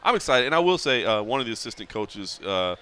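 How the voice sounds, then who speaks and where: A man hosting a casual podcast, upbeat and animated, with frequent "uh" fillers. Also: mid-range voice, fast talker, slight background noise. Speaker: podcast host.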